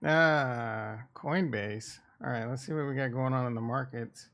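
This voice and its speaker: A man from the Midwest talks slowly and loosely on a market livestream, with a gravelly, fry-edged voice. He rambles and thinks aloud, tossing in irreverent asides. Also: mid-range voice, a bit bright. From American Midwest. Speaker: crypto and stock market streamer. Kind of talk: casual livestream chat.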